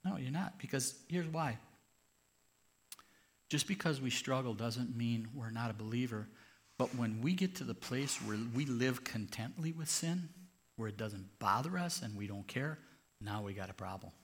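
A man's voice: mid-range voice, unhurried. A man, a pastor, preaching a sermon in an earnest, conversational way.

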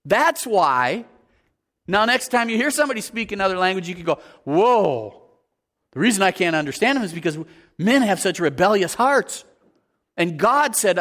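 A man delivering a sermon with a fairly high-pitched voice. He preaches in an animated way, acting out everyday scenes in different voices and putting questions to his listeners. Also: normal speed. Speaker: pastor.

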